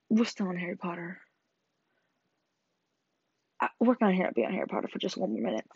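A young woman rambling casually in a vlog, excitable and swearing freely. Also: a little high, husky, dry recording, dull audio. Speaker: vlogger. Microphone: earbud headset mic.

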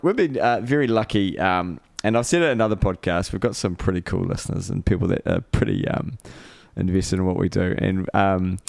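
A man's voice: on the low side, gravelly, darkish tone, no echo. A man with a New Zealand accent hosting a casual podcast, laughing often and swearing as he leads the segments. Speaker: podcast host.

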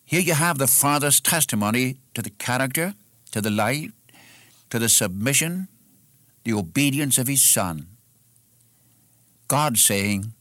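A man's voice: medium pitch, animated, measured pace, pauses often, a bit bright, dry recording, clean studio sound. A man preaching a sermon, earnest and emphatic, addressing the listener directly as his friend.

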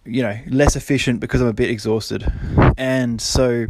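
A man in his thirties hosts a solo podcast, his medium-pitched voice fairly even in intonation and moderately paced, with background noise behind him. The monologue is casual and rambling, self-deprecating and motivational, full of laughs.

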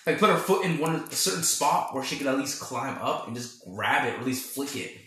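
A man hosting a casual film review chat, retelling scenes in a rambling, animated way with quoted reactions. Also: mid-range voice, fairly quick. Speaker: podcast host. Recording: echoey room.

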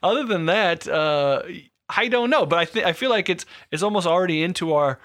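Bright-voiced joking man. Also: sits high, expressive, brisk. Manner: jokey, rambling with restarts. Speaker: podcast co-host. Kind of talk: casual chat.

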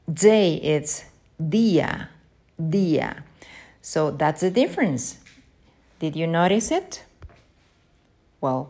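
A woman gives a pronunciation lesson in a low, deep voice. She speaks slowly and carefully, saying each example word twice so learners can follow. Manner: slow, careful, repeats words for learners. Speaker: Spanish teacher.

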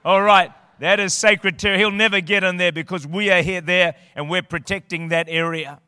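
A man preaches with fervor, his high voice sharp and intense. He drives his points home and rises to loud declarations. His voice rings with a long reverb through the hall. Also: steady tone, a little fast, smooth, studio quality. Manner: impassioned, rising to shouted declarations. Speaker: guest preacher. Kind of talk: sermon. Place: church auditorium.

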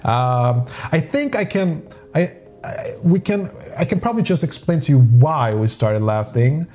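A man's voice: on the high side, lively intonation, unhurried, warm tone. A man hosting a casual chat about making films, chatty and often laughing mid-sentence. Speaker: video host, amateur filmmaker.

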